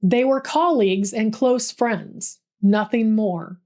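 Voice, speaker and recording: A woman with a fairly high voice narrates a history story from a script. She builds tension with a vivid, dramatic storytelling manner. Her delivery stays steady and polished. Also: takes it slowly.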